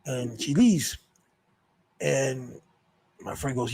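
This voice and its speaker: A man's voice: medium pitch, animated, slow pace, creaky, pauses often, darkish tone, breathy edge, poor audio. A man telling a rambling, profane story in a casual monologue, full of restarts and repeated words. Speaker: show host telling stories.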